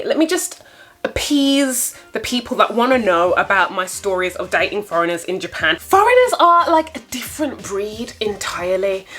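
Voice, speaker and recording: A young woman vlogger telling a story to camera in a playful, chatty way, with sudden swoops up into a high voice. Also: a bit bright. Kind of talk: casual story-time chat to camera.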